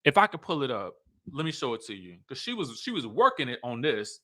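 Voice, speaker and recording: A young man, hosting a casual live stream in a sassy, playful, animated way, repeating words for effect. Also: medium pitch, brisk, dry recording, clean studio sound. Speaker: host.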